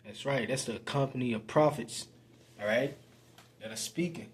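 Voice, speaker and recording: A man preaching, reading scripture aloud and commenting on it in casual talk, slow and halting with many fillers and repeated words. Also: mid-range voice.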